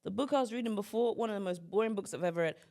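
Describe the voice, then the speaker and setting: A young woman from Kent hosts a casual podcast chat. She is blunt and opinionated and slips into quick impressions of her friends between laughs. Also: mid-range voice, a little mellow. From Kent, England. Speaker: podcast host.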